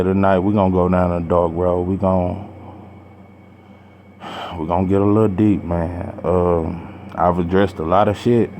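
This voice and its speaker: A very low-voiced man speaks to his viewers in a personal vlog. His talk is slow, heavy and halting, broken by sighs and casual slang. A faint hiss of noise sits under the recording. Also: darkish tone. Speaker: boxing channel vlogger.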